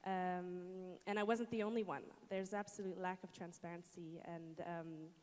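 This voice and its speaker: A woman's voice: on the low side, steady tone, moderate pace, darkish tone. A woman from Egypt, a panelist who answers earnestly with some hesitations. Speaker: panelist, entrepreneur. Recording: long hall reverb.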